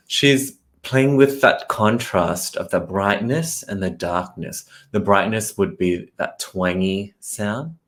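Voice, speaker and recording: A man working as a vocal coach, analyzing a singer's technique in a reaction commentary and getting excited as he demonstrates phrases. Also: fairly low pitch.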